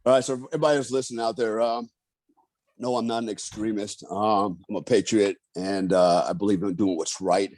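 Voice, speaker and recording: A middle-aged veteran speaks in a low, warm voice, forceful and ranting as he drives his points home. He leans on the word "man" as he goes. The sound is dry, with no room in it. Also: fairly even intonation, fairly quick, no room sound. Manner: emphatic and ranting, often ending phrases with "man". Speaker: podcast guest, author and Army veteran. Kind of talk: casual conversation and storytelling.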